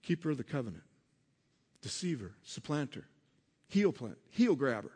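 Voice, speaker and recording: Preaching to his flock, a man who is a pastor asks them questions while his voice moves from hushed and low to loud and insistent. His pitch swings widely, his speed is normal, and his tone is husky.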